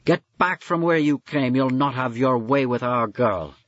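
A man voicing a rough fisherman who yells curses at the man chasing off from his daughter. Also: lowish voice, animated, moderate pace, no echo, muffled recording. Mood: enraged. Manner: yelling, cursing. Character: enraged old-fashioned fisherman, rough-tongued.

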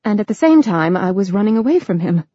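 A woman's voice: mid-range voice, sing-song, fast, breathy edge, no room sound, highs cut off. A woman narrator voicing an anxious young woman who speaks in a hesitant, strained way.

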